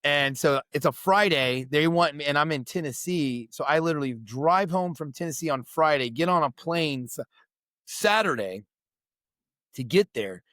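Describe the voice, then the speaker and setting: A man's voice: on the high side, animated, normal speed, fairly bright tone, no room sound. A middle-aged man, a veteran who is the guest on a podcast, telling a story in casual chat, swearing freely and acting out the voices of people he quotes.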